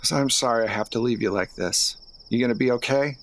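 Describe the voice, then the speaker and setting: A warm, encouraging uncle, played by a man in a tabletop role-play, speaking gently and reassuringly. His voice has an ordinary middle pitch, close to everyday talk. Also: a little fast, a little hiss or hum, close to an everyday voice, rough recording. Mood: tender.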